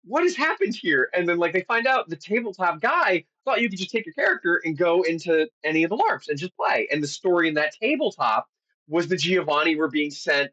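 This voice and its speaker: A man telling a long game story on a podcast in a lively, casual way, swearing now and then. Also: on the high side, fairly quick. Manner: animated storyteller, acts out quotes, swears casually. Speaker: podcast co-host. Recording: dull lo-fi audio.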